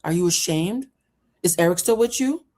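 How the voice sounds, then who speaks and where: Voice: mid-range voice, normal speed, fairly bright tone, pitched above the performer's own voice, lightly acted. A vlogger putting on a mocking female talk show host who fires prying questions in a raised voice. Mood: taunting.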